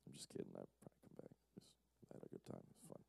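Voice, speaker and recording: Playful dark-voiced youth preacher. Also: male voice, racing. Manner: playful, teases the audience. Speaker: youth conference speaker. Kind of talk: casual joking sermon.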